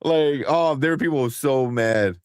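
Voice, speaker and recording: A man co-hosting a casual movie podcast, talking in an animated way with swearing and quick impressions. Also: mid-range voice, clean tone, no room sound, clean studio sound. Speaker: podcast co-host.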